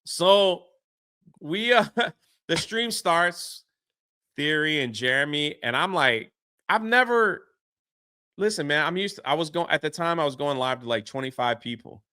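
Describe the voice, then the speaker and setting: A man telling a story as a podcast guest, excitable and quick to act out what others said. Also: on the high side, clean tone, dry recording. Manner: excitable, swears mildly, acts out quotes. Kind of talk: animated storytelling.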